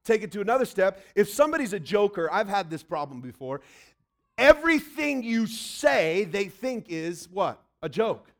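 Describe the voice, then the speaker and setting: A man's voice: high-pitched, very animated, moderate pace, fairly bright tone. A man preaching a sermon in a conversational way, acting out little quotes. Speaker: pastor.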